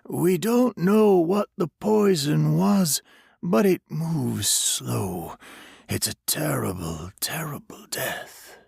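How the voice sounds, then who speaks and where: A gentle ghost murmurs in a hushed, comforting half-whisper, as a man reads him out. The voice is soothing but unsettling, sliding up and down, recorded dry and close. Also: a little high, lively intonation, takes it slowly, vocal fry, husky, dry recording, voice pushed up, full character voice. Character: soothing ghostly male stranger, gentle and eerie.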